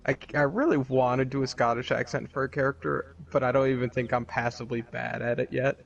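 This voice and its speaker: A man leads a relaxed tabletop planning chat, his voice gravelly and rough at the edges. He jokes and laughs easily, with a loose, offhand way of talking. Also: medium pitch, brisk, dull audio. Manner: laughs often, loose and joking.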